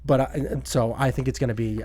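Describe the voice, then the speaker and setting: A man hosting a casual movie chat podcast, excitable and quick to act out loud reactions. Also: medium pitch, dry recording. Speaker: podcast host.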